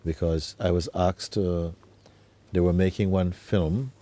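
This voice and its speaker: A man acting as a spiritual teacher, talking gently and unhurriedly in an informal talk, often adding tag questions like "you see". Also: low-pitched, steady tone, a little slow.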